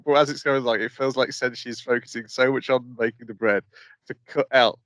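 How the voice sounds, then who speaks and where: A man's voice: mid-range voice, fairly even intonation, a little fast, a bit bright, no echo, studio quality. A man co-hosting an anime podcast, speaking casually and hesitantly with many fillers. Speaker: podcast co-host.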